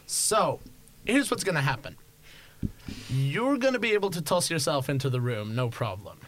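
A man narrating as game master in a tabletop game, relaxed, with many fillers. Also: fairly high pitch, normal speed, a little hiss or hum.

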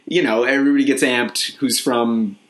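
Young man, podcast co-host, casual chat, rambling, filler-heavy, animated. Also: medium pitch, moderate pace. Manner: animated storytelling with acted-out quotes.

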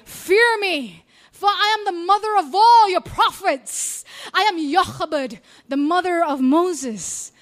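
Malaysian-accented woman, high voice, spoken word poet, dramatic emphatic delivery. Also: a bit bright. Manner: dramatic, emphatic recitation with slow stressed phrases. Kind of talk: spoken word poetry performance.

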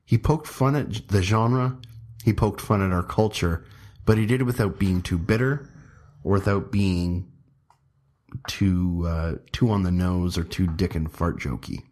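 A man's voice: deep voice, measured pace, darkish tone. A man in his thirties hosting his own podcast, talking casually and rambling a bit with fillers and restarts. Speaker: podcast host. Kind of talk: casual solo podcast talk.

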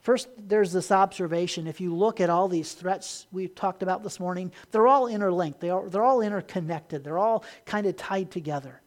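A pastor preaching a Sunday sermon, rising to emphatic points and dropping quiet, often repeating words as he restarts. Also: sits high, normal speed, few pauses.

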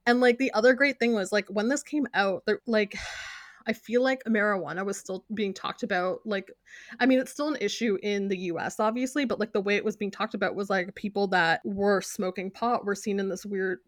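A woman talking in a relaxed, chatty way, packing her sentences with filler words and laughing often. Her voice sits at an ordinary middle pitch. The sound is dry and close, with no room echo. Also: brisk. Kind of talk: casual chat.

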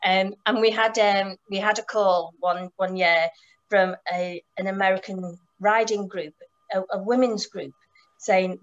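A woman's voice: mid-range voice, fairly even intonation, moderate pace, lo-fi sound. A middle-aged woman who runs motorcycle tours, telling stories in a casual, enthusiastic way with many restarts and fillers. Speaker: motorcycle tour operator. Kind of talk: casual storytelling.

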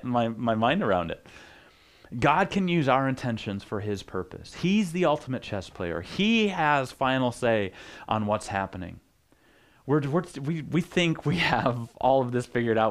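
A male pastor gives a loose, conversational sermon. He jokes in asides and often restarts his sentences, at a middle pitch. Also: a bit bright. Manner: chatty, joking asides, many restarts. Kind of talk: casual sermon teaching.

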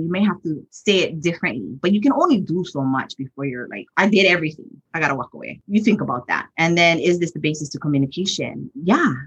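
A woman talks things through in an earnest, animated way. Her voice is deep-set and very husky. The recording sounds dull and muffled. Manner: earnest, animated, laughs easily. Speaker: podcast co-host, hula teacher. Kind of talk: casual reflective chat.

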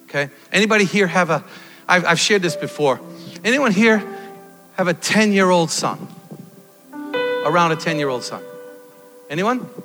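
A man preaching a sermon, swinging from loud exhortation to quiet storytelling. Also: high voice, expressive, normal speed, long pauses. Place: church hall. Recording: long hall reverb with faint music.

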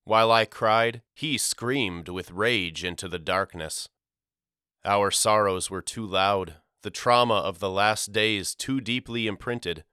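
A man narrating an audiobook in the first person, with measured, somber storytelling. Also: lowish voice, pushed and bright, clear, resonant tone, dry recording, studio quality.

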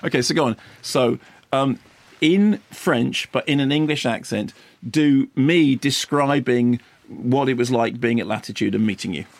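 A man co-hosting a film review radio show, telling a story in animated casual chat with bursts of excitement. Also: mid-range voice, measured pace, dry recording. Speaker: film critic co-host.

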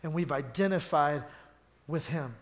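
A man preaching a sermon, reading scripture aloud and commenting on it, swinging from loud fervent passages to soft, low intimate ones. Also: unhurried.

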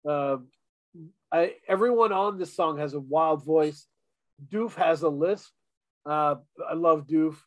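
An eager man chatting on a podcast, his voice sitting a touch high. He trips over his words and restarts often, and the sound is dry with no room around it. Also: takes it slowly, no echo. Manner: enthusiastic, lots of fillers and restarts. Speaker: podcast co-host reviewing an album. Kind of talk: casual chat.

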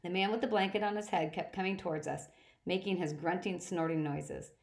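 A woman narrating a first-person adventure story with a fairly low voice. She reads steadily, now and then stumbling and restarting a phrase. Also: brisk, vocal fry. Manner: steady reading with occasional slips and restarts. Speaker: audiobook reader.

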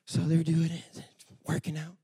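A man in his thirties preaching a sermon, telling a family story and building to impassioned, shouted exhortation. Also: fairly high pitch, completely flat delivery, normal speed, husky.

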